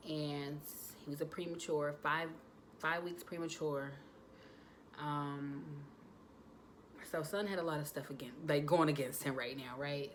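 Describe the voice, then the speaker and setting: A young adult woman, chatting casually to her viewers, animated with lots of fillers. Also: sits low, slight background noise. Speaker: vlogger, new mother.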